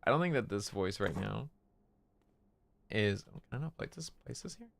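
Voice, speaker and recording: A man streaming and chatting casually while playing, in a relaxed, low-effort way with frequent restarts. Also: normal speed, creaky, a little hiss or hum, low-quality recording.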